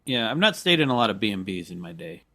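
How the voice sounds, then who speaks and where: Male comedy podcast straight man, lively pitch, patient and correcting, dry sound. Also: fast talker, no echo. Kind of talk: improvised comedic banter.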